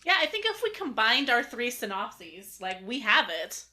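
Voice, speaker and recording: A woman's voice: fairly high pitch, very animated, moderate pace, bright, forceful tone. A woman co-hosting a podcast, rambling casually and hedging with "kind of". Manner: rambling, hedging with 'kind of'. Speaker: podcast co-host. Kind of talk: casual chat.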